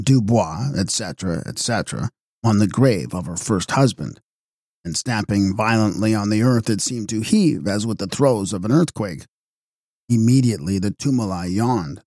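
Man, audiobook narrator, measured expressive reading, lowish pitch, dry close sound. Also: husky, no room sound. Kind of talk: scripted narration.

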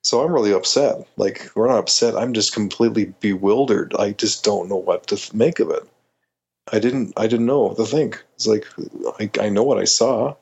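A man's voice: lowish voice, normal speed, gravelly, a little mellow, slightly rough, lo-fi sound. A middle-aged Canadian man, a podcast guest, telling a story animatedly, acting out quoted voices with many restarts.

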